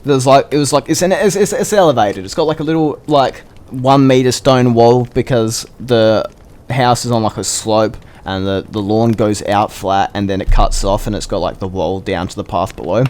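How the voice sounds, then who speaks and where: Excitable young Australian man telling stories. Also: mid-range voice, normal speed. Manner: rambling, crude and excitable, acts out quotes. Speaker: storyteller. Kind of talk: casual storytelling.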